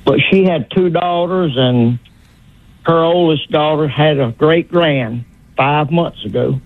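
A man's voice: on the high side, slow, no room sound. An older man calling in to a radio show, speaking in a friendly, folksy, polite way. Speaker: caller. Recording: tinny phone line.

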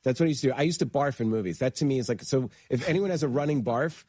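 A man talks quickly and eagerly, trading stories as a guest in a conversation. He slips into other people's voices as he recounts things. The sound is close and dry. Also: mid-range voice, slightly rough, no echo. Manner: fast, excitable, acts out quoted voices. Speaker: horror film producer and director guest. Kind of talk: animated storytelling in conversation.

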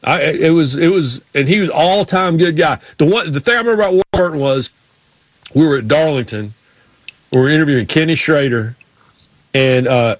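A man's voice: fairly high pitch, no echo. A man hosting a podcast, telling sports stories in a casual chat and mimicking drawling racers. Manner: storytelling, imitates drawling racers. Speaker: podcast host.

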